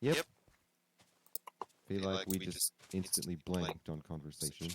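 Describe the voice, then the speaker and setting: A man's voice: sits low, a little slow, slight background noise. A young man chatting and joking while playing a game, teasing on purpose. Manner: jokey and teasing, playfully annoying. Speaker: co-player. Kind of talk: casual chat while playing.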